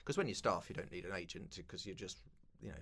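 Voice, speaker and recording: A man's voice: low-pitched, lively intonation, fast talker, vocal fry, fairly bright tone. A man in his fifties from London, a broadcaster telling self-deprecating, humorous anecdotes in an interview. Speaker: guest, broadcaster and keynote speaker. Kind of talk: casual interview chat.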